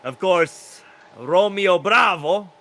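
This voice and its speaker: A man's voice: high voice, lively intonation, slow pace, bright, forceful tone, pitched above the performer's own voice, full character voice. A man doing a formal royal rooster. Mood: courteous. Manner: polite and formal. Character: formal rooster courtier in royal garb, male.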